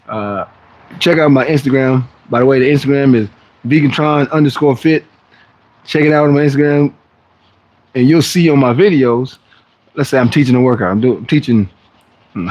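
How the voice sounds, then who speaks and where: A man hosting a fitness livestream, chatting casually with viewers in loose, slangy talk that rambles and restarts. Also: mid-range voice. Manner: rambling and chatty, often acting out other people's voices. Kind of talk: casual live-stream chat to viewers.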